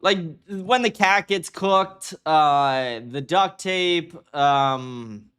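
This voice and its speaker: A man's voice: fairly high pitch, very slow, fairly bright tone, clean tone. A man hosting a livestream in casual commentary, talking in a loose, profane, rambling way and laughing at his own stories. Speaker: livestream host.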